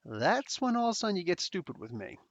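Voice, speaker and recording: A man's voice: high voice, very animated, fast talker, no room sound, dull audio. A man from New Jersey with a New Jersey accent, hosting a podcast and telling a story in a rambling, slangy way. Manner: rambling, many fillers and restarts, slangy. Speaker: podcast host. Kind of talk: casual storytelling.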